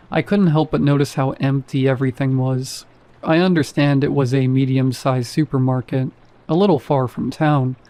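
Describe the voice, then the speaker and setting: Mellow-voiced man narrating a horror story. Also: medium pitch. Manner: dry, wry first-person storytelling.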